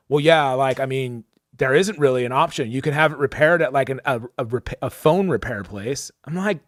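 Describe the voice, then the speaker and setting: Young man, podcast co-host, fairly high voice, casual storytelling, animated, acts out quotes, dry close mic. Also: brisk, no room sound. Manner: animated, acts out quoted people, lots of "like" and "dude".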